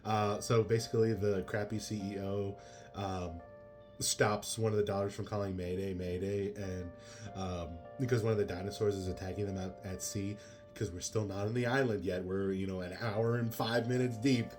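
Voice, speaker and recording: A man's voice: on the low side, steady tone, normal speed, a little mellow, faint music behind. A man giving a casual spoken movie review, rambling with many fillers and exasperated asides.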